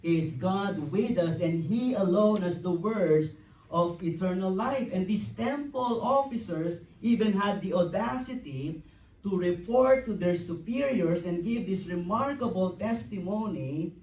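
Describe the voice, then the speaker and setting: Slow pastor guy, kinda high voice, emphatic pauses, far off mic in a roomy church. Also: a little mellow. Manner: emphatic preacher with long dramatic pauses. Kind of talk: sermon. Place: church sanctuary. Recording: echoey church hall from far off.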